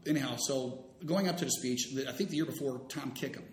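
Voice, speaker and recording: A middle-aged man in casual chat, rambling and acting out the people in his story. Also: quick pace. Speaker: storytelling guest. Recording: roomy room with faint rumble.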